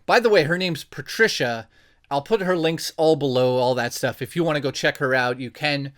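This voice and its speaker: A young man, a YouTuber, telling a story to his viewers in an animated, excitable, jokey way. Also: fairly high pitch, moderate pace. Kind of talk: casual storytelling vlog.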